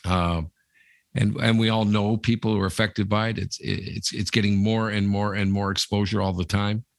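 Gravelly-voiced man rambling through a story. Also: on the low side, level tone, normal speed, dry recording, studio quality. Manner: rambling storyteller, many fillers. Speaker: podcast co-host. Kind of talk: casual chat.

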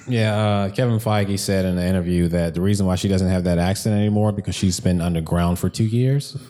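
A man's voice: deep voice, fairly even intonation, a little fast, dark tone. A man co-hosting a podcast in casual chat, blunt and swearing as he steers the topics. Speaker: podcast co-host.

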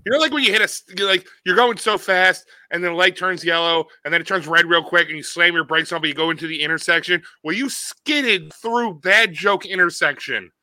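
A man co-hosting a casual podcast chat, sarcastic and animated, swearing freely. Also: high-pitched, fairly quick, hardly any pauses, no echo, rough recording. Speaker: podcast co-host.

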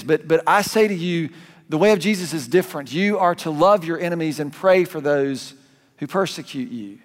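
Animated Southern pastor in a reverberant hall. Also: male voice, on the high side, normal speed. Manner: conversational, animated preaching with asides and restarts. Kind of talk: sermon.

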